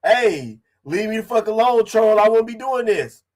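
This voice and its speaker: A man's voice: high voice, lively intonation, normal speed, darkish tone. A man streaming online, ranting casually in a profane, confrontational way and repeating his points.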